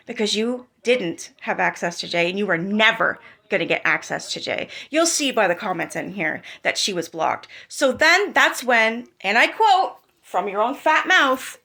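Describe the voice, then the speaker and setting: A woman's voice: medium pitch, lively intonation, moderate pace, gravelly, hardly any pauses, pushed and bright. A woman hosting her own channel, talking through online drama in a heated, profane way and firing off rhetorical questions. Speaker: commentary channel host.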